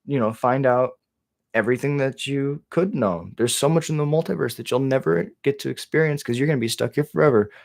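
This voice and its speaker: A man voicing a calm, scholarly male spirit dragon who taunts his brother in a raised voice. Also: mid-range voice, brisk, vocal fry, voice pushed up, lightly acted. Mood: taunting.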